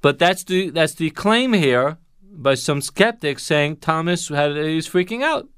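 A man teaching the Bible on a radio show, stressing key words slowly and explaining points step by step. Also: fairly high pitch, lively intonation, a bit bright, clean tone, no echo, studio quality.

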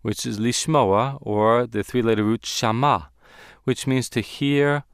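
A man teaching a Bible lesson on Hebrew words, speaking deliberately and slowing down to stress key words. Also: medium pitch, steady tone, smooth, no echo, clean studio sound.

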